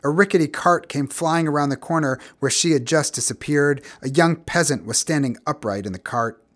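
A man narrating literary fiction as an audiobook, in a measured, expressive reading voice. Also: a little high. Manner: measured, expressive, grows quiet and somber.

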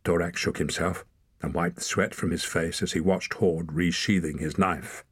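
Deep, husky male storyteller. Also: steady tone, moderate pace, dry recording. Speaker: audiobook narrator. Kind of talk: scripted narration.

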